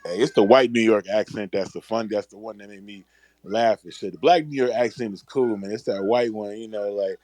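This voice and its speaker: A man's voice: fairly low pitch, normal speed, no room sound. A man in a casual chat who teases others and often laughs. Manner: teasing, laughs often, does mock accents. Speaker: chat room participant. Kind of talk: casual chat in an audio chat room.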